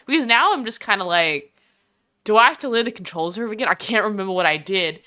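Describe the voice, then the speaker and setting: A woman's voice: medium pitch, expressive, quick pace, sharp tone. A young Australian woman chatting casually and bubbly on a live stream, rambling and giggling between thoughts.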